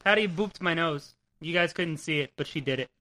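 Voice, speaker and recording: A young guy with a New Jersey accent co-hosts a comic book podcast, chatting casually and animatedly, ribbing his co-host and cursing freely. His voice sits on the higher side and moves a little quickly.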